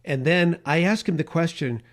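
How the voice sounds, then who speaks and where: A man's voice: a little high, normal speed. A middle-aged man, a radio talk host, giving an impassioned, emphatic podcast monologue.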